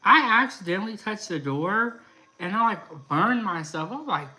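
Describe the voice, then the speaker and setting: Bright-voiced chatty woman live streamer. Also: mid-range voice, animated, moderate pace. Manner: chatty, laughs often, reads viewer comments aloud. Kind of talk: casual chat reading live comments.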